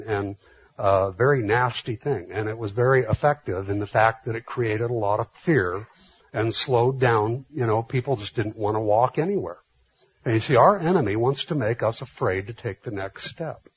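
A man's voice: fairly low pitch, husky. A man preaching a sermon in a loose, conversational way, full of restarts and fillers. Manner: conversational, many restarts and fillers, grows animated retelling stories. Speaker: pastor. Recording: dull lo-fi sermon recording.

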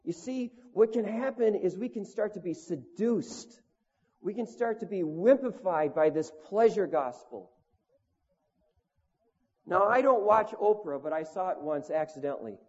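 A man's voice: sits high, lively intonation, unhurried, a little mellow, husky. A man preaching a storytelling sermon in a conversational, self-mocking way, with lots of "you know" and "like". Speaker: preacher and touring band leader. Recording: lo-fi recording in a long-echo hall.

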